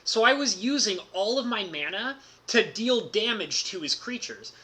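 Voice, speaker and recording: A high-pitched male streamer tells an excitable, casual story about a card game at a moderate pace, loaded with "like" and bursts of laughter.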